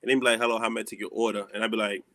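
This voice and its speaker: A young man with a Southern American accent, hosting a casual chat and acting out stories with animated dialogue. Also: lowish voice, very fast, no echo. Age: young adult. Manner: animated storytelling, acts out dialogue. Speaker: host.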